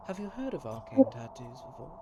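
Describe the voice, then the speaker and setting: A man's voice: high-pitched, big pitch swings, brisk, dark tone, voice pushed up. A man voicing a male blue fire elemental tattoo artist in a tuxedo, breezy and darkly cheerful, over a noisy background.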